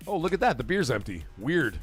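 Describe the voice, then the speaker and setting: A man's voice: medium pitch, fairly quick, faint music behind. A man hosting a casual live stream, swearing freely and telling rambling stories while reading viewer comments. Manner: profane, rambling, animated storyteller. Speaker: livestream host.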